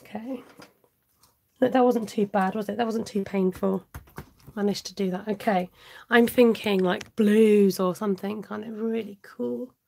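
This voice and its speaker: Chatty woman with a warm husky voice. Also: mid-range voice, steady tone, measured pace. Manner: chatty, reads out viewer comments and answers them; talks aloud while working, with self-mocking asides. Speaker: cardmaking demonstrator hosting a live stream. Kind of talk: casual live craft demonstration.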